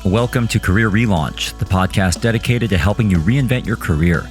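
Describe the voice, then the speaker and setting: Deep-voiced male podcast host. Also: fairly quick, faint music behind. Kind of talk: scripted intro and interview.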